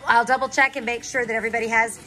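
High-pitched woman breeder, chatty, trips over her words, coos at puppies. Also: level tone, racing, bright, forceful tone, low-quality recording. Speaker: dog breeder. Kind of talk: casual vlog chat. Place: indoor puppy pen.

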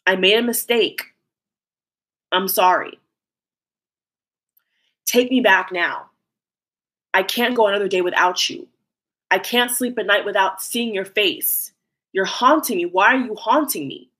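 A remorseful lover pours out blunt, pleading apologies, spoken by a woman in her own voice. The voice sits at a mid pitch, delivered as a channeled message. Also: measured pace, long pauses, pushed and bright. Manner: pleading, blunt, emotional first-person outpouring. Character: remorseful lover begging forgiveness, anguished.

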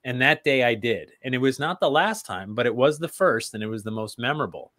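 A male guest in a casual chat, telling stories in an animated, joking way. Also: mid-range voice, a little fast.

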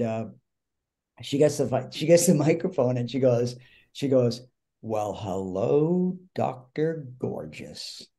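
Mellow-voiced man telling an anecdote. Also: medium pitch. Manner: animated storytelling with frequent restarts and quoted dialogue. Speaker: host and actor. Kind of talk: telling a backstage anecdote in a casual chat.

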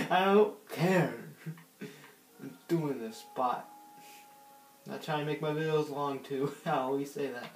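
A man's voice: on the high side, steady tone, slow, pauses often, soft background music. A man giving casual gameplay commentary, rambling and giggly, talking to himself while he plays. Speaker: gaming channel host. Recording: roomy echo.

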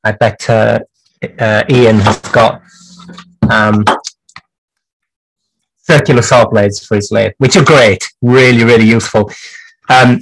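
Heard through a rough recording, a man with a medium-pitched voice demonstrates clock repair live at his workbench. He rambles, thinking aloud as he goes, for his livestream audience.

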